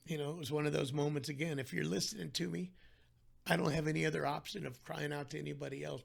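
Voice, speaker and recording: Gravelly middle-aged man telling his story. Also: a little high, brisk. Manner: animated storyteller, acts out quoted voices. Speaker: guest telling his weight-loss story. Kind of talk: casual storytelling interview.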